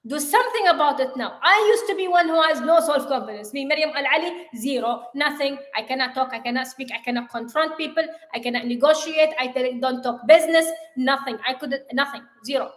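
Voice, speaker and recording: Woman, high voice, earnest and emphatic, motivational co-host, echoey room. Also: brisk, few pauses, a bit bright. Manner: earnest, emphatic, self-correcting. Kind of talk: motivational live show talk.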